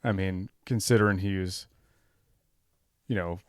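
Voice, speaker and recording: A man's voice: low-pitched, a little slow, no room sound. Laughing, swearing podcast co-host man. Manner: reads documents aloud, laughs often, swears, gets animated. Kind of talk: casual chat.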